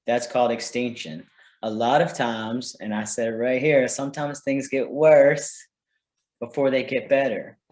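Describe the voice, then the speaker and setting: A man's voice: mid-range voice, steady tone, unhurried, darkish tone. A man presenting a parenting workshop in an informal teaching style, conversational and often checking in with "right?". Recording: roomy echo.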